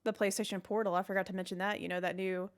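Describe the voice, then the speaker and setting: A woman's voice: mid-range voice, little pitch movement, very fast. A woman co-hosting a gaming podcast in casual chat, rambling and jokey as she drifts into tangents. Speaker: podcast co-host.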